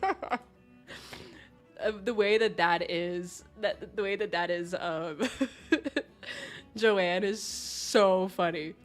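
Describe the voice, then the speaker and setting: A woman's voice: on the low side, extremely slow, pauses often. A young woman hosting a livestream, gushing and effusive as she thanks donors over and over, often laughing. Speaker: livestream host. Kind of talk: casual livestream chat. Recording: faint background music.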